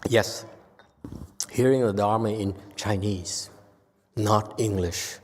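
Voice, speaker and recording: A man giving an informal Buddhist dharma lecture, talking conversationally with animated bursts and frequent restarts. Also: on the low side, slow, a little hiss or hum. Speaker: Buddhist teacher. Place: temple lecture hall. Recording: long hall reverb.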